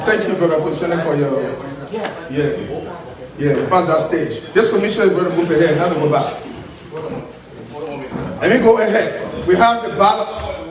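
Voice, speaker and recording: A man, firmly repeating instructions as an election commissioner at a convention meeting. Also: sits high. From Liberia. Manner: firm, repetitive, giving instructions. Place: large convention hall. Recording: very echoey hall, far from the mic.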